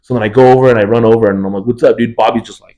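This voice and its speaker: A young man in his twenties talks fast and keeps a casual, chatty flow as he co-hosts a podcast. He acts out his friends' lines while he tells stories. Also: medium pitch, dull audio. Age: 20s. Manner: animated storyteller acting out friends' lines. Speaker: podcast co-host. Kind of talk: casual chat.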